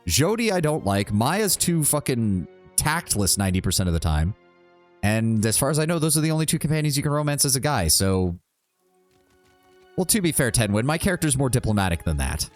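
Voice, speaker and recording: A man's voice: mid-range voice, sing-song, a little fast, soft background music. A man casually commentating his game playthrough, blunt and chatty, swearing freely and reading dialogue choices aloud. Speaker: streamer. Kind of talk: casual let's-play commentary.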